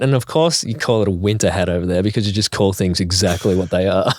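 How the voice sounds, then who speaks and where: A man's voice: sits low, fast talker, a little hiss or hum. A young man with an Australian accent, co-hosting a podcast in casual chat, joking and laughing often. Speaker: podcast co-host.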